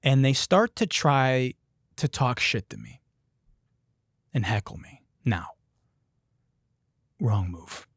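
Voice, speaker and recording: A man's voice: medium pitch, sing-song, slow pace, long pauses, a bit bright, no room sound, studio quality. A man from Detroit hosting a podcast, telling a story in a profane, emphatic way. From Detroit, United States. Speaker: podcast host. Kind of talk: comedic storytelling.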